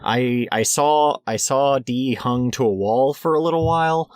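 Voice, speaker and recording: A man co-hosting a podcast who talks in a measured, matter-of-fact way. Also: medium pitch, darkish tone, dry recording. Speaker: podcast co-host. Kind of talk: casual chat.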